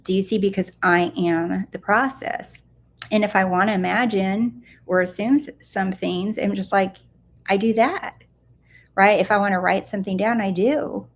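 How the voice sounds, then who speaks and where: A woman's voice: medium pitch, steady tone, moderate pace. A woman on a live stream, coaching her viewers in a playful, emphatic way and repeating words for effect. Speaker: manifestation coach.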